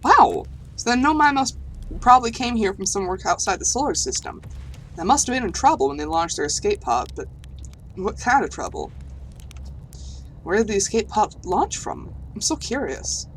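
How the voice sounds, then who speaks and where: Woman putting on a space-scared alien archaeologist, bad southern drawl, rambly and wide-eyed, middle pitch. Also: big pitch swings, normal speed, slight background noise, close to an everyday voice. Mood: curious. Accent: put-on southern US. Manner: earnest, rambling, easily amazed. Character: timid, curious alien archaeologist, afraid of space. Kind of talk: reading game dialogue aloud.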